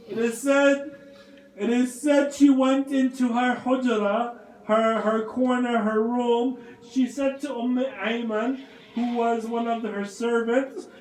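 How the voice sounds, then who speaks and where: A man's voice: very high-pitched, level tone, unhurried, darkish tone. A man narrating a mournful sermon as a preacher, telling the story in a lamenting, emphatic way. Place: mosque prayer hall. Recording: echoey hall.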